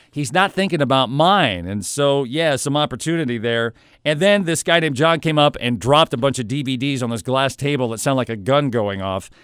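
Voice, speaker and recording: A man casually telling a story about a shopping trip, in an animated, conversational way with playful asides. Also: on the high side, smooth, no room sound, clean studio sound.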